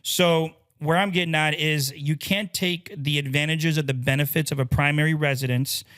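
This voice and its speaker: A man co-hosting a casual podcast as a loan officer, explaining loan terms in quick lists and acting out the people in his stories. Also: a little high, smooth. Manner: animated, acts out quoted people mid-story.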